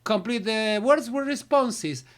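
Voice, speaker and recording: A woman's voice: a little high, lively intonation, slow. A woman, an English teacher talking through textbook exercises, filling gaps with nonsense syllables. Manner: filler syllables, switches to Spanish. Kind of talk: recorded lesson walkthrough.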